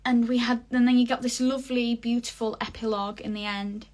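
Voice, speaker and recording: A woman's voice: on the high side, steady tone, a little fast, a little mellow. A young woman talking casually in a vlog, reviewing a stage show with gushing enthusiasm and lots of fillers. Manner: chatty, gushing, many fillers. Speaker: vlogger.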